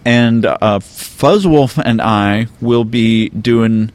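A man hosting a casual podcast panel, talking at an everyday middle pitch. He rambles a little, filling pauses with ums and picking up his sentences again after false starts. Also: a little mellow, clear, resonant tone, dry recording. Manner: rambling, many ums and restarts. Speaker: podcast host.

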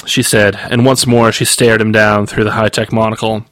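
A man, the author, reading his novel aloud in steady, measured audiobook narration. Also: on the low side, no room sound.

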